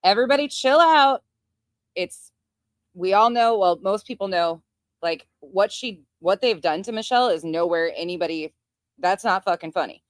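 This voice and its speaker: A woman's voice: medium pitch, animated, moderate pace, no echo. Woman host, plainspoken and profane, medium voice, dead-dry recording. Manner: blunt, profane gossip. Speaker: livestream host. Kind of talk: casual livestream commentary.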